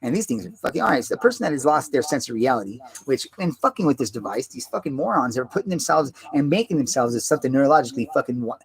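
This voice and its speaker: Speaking quickly in a mid-range, sing-song voice with vocal fry, this man barely pauses. His monologue is a rambling, agitated, profanity-laden rant full of repetition.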